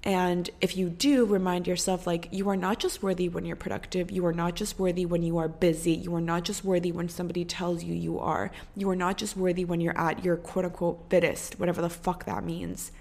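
A young woman hosting a podcast, talking earnestly and casually in a heartfelt monologue, swearing freely, using lots of fillers and slowing down to stress her points. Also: fairly low pitch, little pitch movement, creaky, darkish tone. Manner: slows down for emphasis, repetitive. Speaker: podcast host.

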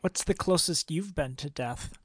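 A male podcast host who fires off questions and crude jokes, with a steady stream of murmured acknowledgments. His voice sits somewhat high, and the recording is close and dry. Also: breathy edge, no echo. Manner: joking, quick questions, frequent murmured backchannels. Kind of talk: casual interview.

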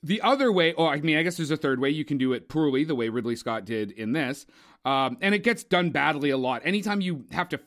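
A young man with a somewhat high voice co-hosts a film podcast. He talks in an opinionated, profane, rambling way, with plenty of asides and strong verdicts. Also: a bit bright. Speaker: podcast co-host, film reviewer. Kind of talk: casual movie review chat.

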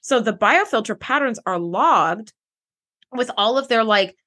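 A woman co-hosting a casual podcast, talking fast through an episode recap with strong emphasis and the odd swear. Her voice sits a little high and swoops up and down a lot. She sounds relaxed and chatty throughout. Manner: animated, emphatic, swears freely. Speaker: podcast co-host.

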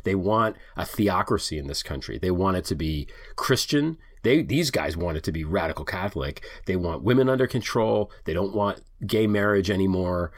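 A man's voice: low voice, moderate pace, few pauses. A middle-aged man hosting a podcast, ranting heatedly with lots of swearing, then chatting casually. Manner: heated, profane and animated. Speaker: podcast host. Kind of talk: ranting monologue and casual chat.

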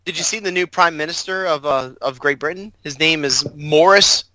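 A man's voice: a little high, normal speed, sharp tone. A man co-hosting a podcast in casual chat, rambling through stories with fillers and laughs. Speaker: podcast co-host.

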